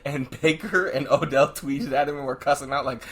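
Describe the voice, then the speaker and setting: A young man in casual sports talk, pitched right in the middle of the male range. He jokes, laughs easily and throws in quick asides as he co-hosts. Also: fairly bright tone. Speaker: podcast co-host.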